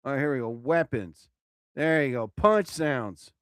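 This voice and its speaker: A man hosting his own live show, rambling casually and exclaiming loudly as he talks. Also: mid-range voice, a little slow, smooth, dry recording, clean studio sound. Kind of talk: casual live-stream monologue.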